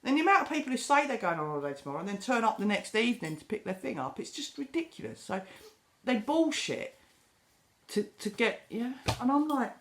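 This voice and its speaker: Exasperated British woman venting with lively, animated delivery. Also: a little high, brisk. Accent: British English. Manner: exasperated, sarcastic storytelling with acted-out quotes. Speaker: vlogger. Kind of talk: casual chat, ranting. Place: home kitchen.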